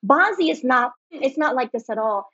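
A woman guest on a podcast, calmly explaining concepts and checking in with "right?" as she goes. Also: sits high, normal speed, husky, no room sound. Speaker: guest astrology reader. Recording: dull lo-fi sound.

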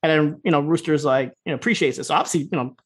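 A man's voice: on the high side, racing, slightly rough. A man co-hosting a podcast, recapping episodes in a rambling, casual way, swearing freely and acting out the characters' lines. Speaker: podcast co-host.

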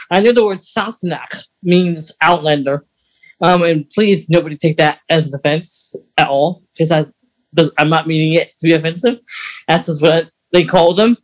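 A man's voice: on the high side, fairly even intonation, normal speed, rough recording. A man co-hosting a podcast in casual chat, rambling with many "like"s and "you know"s. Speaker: podcast co-host.

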